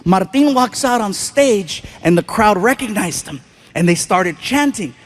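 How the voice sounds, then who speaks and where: A man doing a stand-up comedy routine on stage, telling stories in an animated way with loud bursts. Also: high-pitched, a little slow. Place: stage before a live audience.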